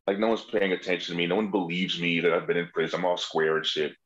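Low-voiced man telling wild stories. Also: fast talker, lo-fi sound. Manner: animated, profane, acts out quoted voices. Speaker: comedian guest. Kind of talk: casual podcast storytelling.

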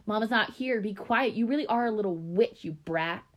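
A woman's voice: fairly low pitch, measured pace. A woman voicing a bossy, impatient older sister in a read-aloud story, snappy and a little raised.

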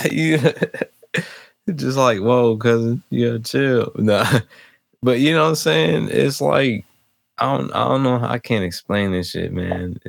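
A man's voice: mid-range voice, slow pace, creaky, no room sound, studio quality. A man co-hosting a casual podcast, talking in a rambling, reflective way, often laughing and filling gaps with "you know what I mean". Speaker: podcast co-host. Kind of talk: casual chat.

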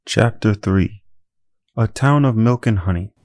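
A man reading a first-person story aloud as an audiobook narrator, in a measured, reflective way. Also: on the low side, heavy background noise.

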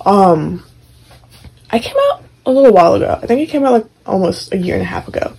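A young woman with a husky, slightly breathy voice tells a story on a casual podcast. Her pitch swings widely as she talks, lively and expressive. She is animated and profane, laughing as she goes. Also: fast, poor audio. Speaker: podcast co-host.

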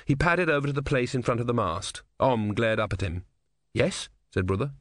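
A man's voice: mid-range voice, expressive, a little fast, a bit bright, no echo, studio quality. A man narrating a comic fantasy novel as an audiobook, reading expressively.

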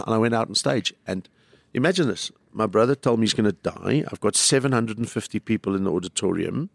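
A middle-aged comedian with a South African accent telling stories in a rambling, animated way and acting out the voices of the people he quotes. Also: fairly low pitch, fairly quick, vocal fry, no echo. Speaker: comedian, guest. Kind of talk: casual storytelling.

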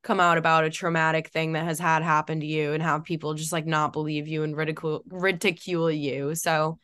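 A young woman co-hosting a podcast, talking in casual chat full of "like" fillers and quick laughs. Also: deep voice, flat delivery, fairly bright tone, dry recording. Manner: chatty, frequent "like" fillers, laughs often. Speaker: podcast co-host.

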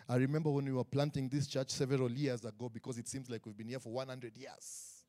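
A man's voice: mid-range voice, fast talker, hardly any pauses. A man preaching a sermon in a church tent, joking and acting out the people he quotes. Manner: animated, joking, acts out quotes. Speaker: pastor.

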